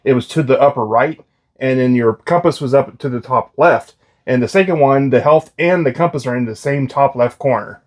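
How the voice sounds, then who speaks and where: A man's voice: mid-range voice, moderate pace, darkish tone. A man co-hosting a casual video game discussion, explaining gameplay details with many fillers. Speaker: co-host.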